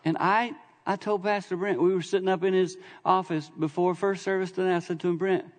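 A man's voice: high-pitched, fairly even intonation, brisk. A middle-aged man preaching a sermon in a church, telling stories conversationally with humor and sudden bursts of emphasis. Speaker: visiting preacher. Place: church sanctuary. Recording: long hall reverb in a church.

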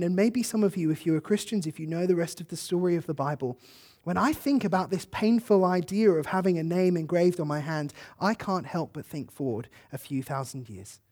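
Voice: mid-range voice, darkish tone. A preacher giving a sermon, telling a story in an earnest, emotive way and acting out the quotes.

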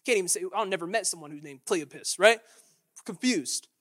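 A man's voice: high-pitched, fairly quick, a bit bright. A man preaching a sermon in a conversational way, acting out quotes and often restarting his phrases. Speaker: pastor.

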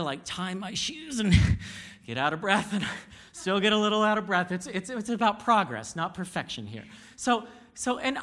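A man in his thirties delivers a sermon in a high voice that rises and falls with lively energy. He tells candid, self-deprecating stories straight to the congregation. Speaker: pastor.

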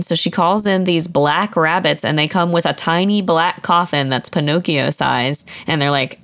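A woman with a notably low voice chats casually and throws in dry, joking remarks. Her speech is relaxed and conversational, and she sometimes retells parts of a story. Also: normal speed, hardly any pauses. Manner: wry, joking asides. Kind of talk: casual chat.

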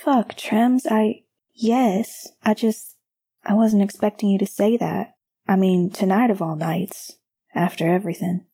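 A woman reading an audiobook, voicing a tearful young man with a scratchy, hoarse voice. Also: medium pitch, steady tone, measured pace, warm tone, no room sound. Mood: emotional.

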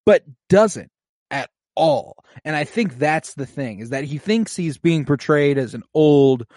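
A man co-hosting a casual podcast, recapping a TV episode in a profane, animated way and breaking into quick impressions of the characters. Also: medium pitch, no room sound, studio quality. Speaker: podcast co-host. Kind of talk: casual rewatch podcast chat.

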